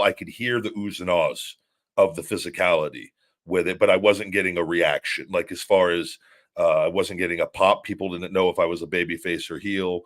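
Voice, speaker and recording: A very deep-voiced, middle-aged man, chatting casually as a podcast host. He rambles through his stories and often restarts his sentences midway. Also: fairly bright tone. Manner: rambling storytelling with many restarts. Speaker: show host, former wrestler.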